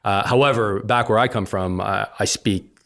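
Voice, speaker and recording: A man's voice: on the low side, normal speed, a bit bright. Joking, outspoken Canadian man. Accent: English-speaking Canadian. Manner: joking, outspoken, many fillers. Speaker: podcast guest. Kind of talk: casual conversation.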